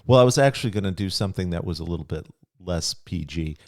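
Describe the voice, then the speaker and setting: A man's voice: deep voice, expressive, fast, a little mellow. A middle-aged man hosting a podcast, talking in a casual, reflective, rambling way with restarts and chuckles. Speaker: podcast host.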